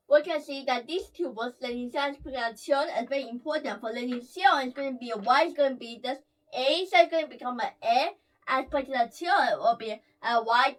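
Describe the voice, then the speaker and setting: High-pitched woman, patient alphabet teacher, repeats each sound, tacks "here" onto phrases, picked up from a little back. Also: normal speed, fairly bright tone. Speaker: language teacher. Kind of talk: explaining while drawing letters. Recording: voice slightly distant from the mic.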